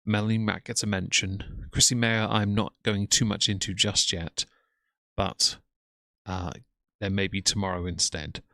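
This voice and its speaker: A man with a very low voice delivers sneering live commentary on someone else's stream. His voice sounds close and dry, with almost no room around it. He mocks the streamer and greets his own chat in between. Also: flat delivery, measured pace, creaky, bright, forceful tone, no room sound. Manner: scornful, mocking running commentary. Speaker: commentary streamer reacting to a livestream.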